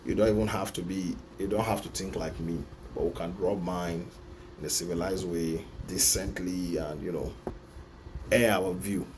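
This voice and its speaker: Against a noisy background, a man with a Nigerian accent delivers an impassioned personal-opinion vlog monologue from his office, repeating points for emphasis and slipping into Pidgin. His voice sits low, with a steady tone and normal speed.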